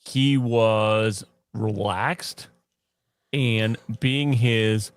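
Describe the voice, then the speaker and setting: A man co-hosting a casual podcast, telling stories in an animated way, laughing often and mimicking other people. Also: fairly low pitch, extremely slow, clear, resonant tone, dry recording. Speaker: podcast co-host. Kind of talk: casual chat.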